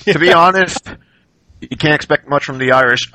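A man's voice: a little high, normal speed, sharp tone, dry recording. A man in a casual chat, teasing and trash-talking.

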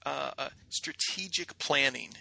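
A man's voice: mid-range voice, unhurried, vocal fry, sharp tone. A man co-hosting a podcast in casual chat, mock-boastful and theatrical as he jokes with his friends. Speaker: podcast co-host.

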